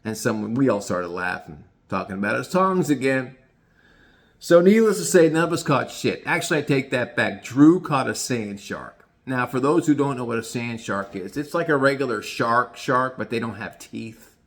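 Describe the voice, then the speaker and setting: A man's voice: medium pitch, lively intonation, normal speed. A man casually telling a rambling, profane story, often restarting his sentences.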